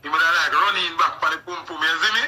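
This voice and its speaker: A man's voice: on the high side, quick pace, low-quality recording. A man with a Jamaican accent talking casually on a radio show, telling stories in patois and often asking if you see him. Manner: animated patois storytelling, frequent "you see me?". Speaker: radio host. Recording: radio studio mic.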